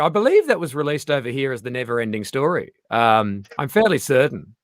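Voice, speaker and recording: A man in casual interview chat, an animated storyteller who acts out the voices he quotes. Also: mid-range voice, fairly quick, no room sound, studio quality. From Australia. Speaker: comedian guest.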